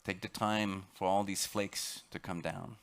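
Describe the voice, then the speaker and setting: Expedition lecturer, male, French accent, deep voice, dramatic motivational storytelling with halting repeats. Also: steady tone, a bit bright, clean tone. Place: lecture on a cruise ship.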